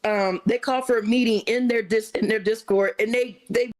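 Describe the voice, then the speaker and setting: A woman's voice: on the high side, moderate pace, poor audio. A woman telling a story casually on a livestream, acting out what others said to her. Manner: animated retelling, acts out quoted chat voices. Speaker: livestream guest.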